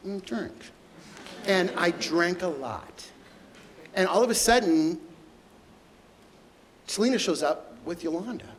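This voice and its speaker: Halting middle-aged man, slightly high. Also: rough recording. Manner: halting, many restarts and repeated words. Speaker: guest. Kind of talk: emotional storytelling conversation.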